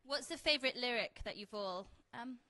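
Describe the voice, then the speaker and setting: A woman's voice: on the high side, a little fast, sharp tone. A woman interviewing a band on a livestream, upbeat, reading out fan questions. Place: London, indoors.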